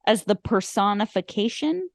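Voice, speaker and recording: A woman's voice: medium pitch, big pitch swings, normal speed, no room sound, clean studio sound. A young woman co-hosting a movie podcast in casual chat, with wry short reactions and side stories. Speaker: podcast co-host.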